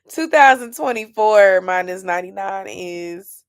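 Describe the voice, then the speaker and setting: A woman, chatting casually and sleepily with viewers on a late-night livestream. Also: medium pitch. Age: 30s. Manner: sleepy, chatty, yawning and laughing. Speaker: livestream host.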